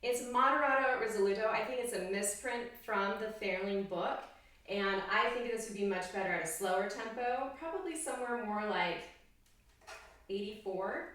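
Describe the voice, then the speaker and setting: A woman's voice: mid-range voice, normal speed, a bit bright. Upbeat woman teaching in an echoey room. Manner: upbeat, encouraging, sings rhythms aloud. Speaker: oboe professor. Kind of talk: instructional music lesson. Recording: very echoey room, distant mic.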